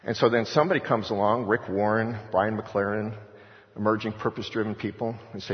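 A man's voice: on the low side, steady tone, fairly quick. A middle-aged man preaching a sermon, telling stories and driving his points home with emphatic repetition. His voice carries through a long-echoing hall. The recording sounds dull and lo-fi. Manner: storytelling with acted-out voices of others. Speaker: pastor.

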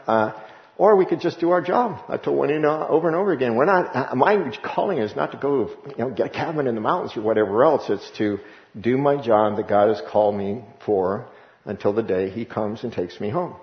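A man preaching a sermon as pastor, animated and conversational, with laughs and asides. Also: medium pitch, fairly quick. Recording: echoey room, dull lo-fi sound.

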